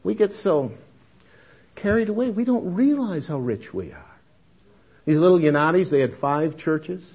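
A man's voice: on the high side, big pitch swings, a little slow, long pauses, a little mellow, husky. A man giving an emphatic, folksy missions talk to an audience, calling them folks. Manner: emphatic, addresses listeners as folks. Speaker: missions speaker. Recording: dull lo-fi lecture recording.

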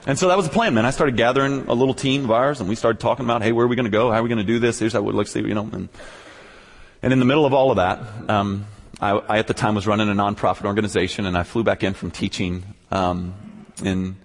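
A man preaching, telling a personal story with animated swings from quiet and low to loud, high outbursts, often stammering on restarts. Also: quick pace, big-room sound. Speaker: pastor. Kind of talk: sermon storytelling.

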